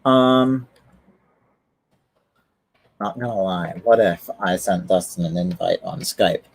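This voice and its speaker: A man's voice: deep voice, takes it slowly, gravelly, husky, poor audio. A man chatting casually on a livestream, rambling with lots of fillers and restarts. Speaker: streamer.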